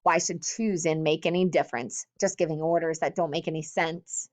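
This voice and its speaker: A woman voicing an aggressive, defiant boy who leads the hunters, speaking in a jeering, shouting way. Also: deep voice, fairly even intonation, moderate pace, natural voice. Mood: contemptuous.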